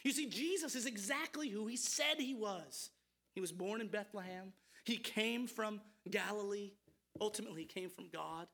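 Preacher, mid-pitched voice, earnest sermon delivery, heavy use of rhetorical questions. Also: moderate pace, gravelly, fairly bright tone.

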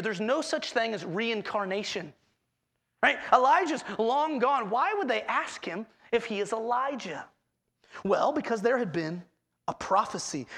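Gravelly male preacher. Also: very high voice. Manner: expressive preaching with dramatic quoted voices. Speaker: pastor. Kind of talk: sermon.

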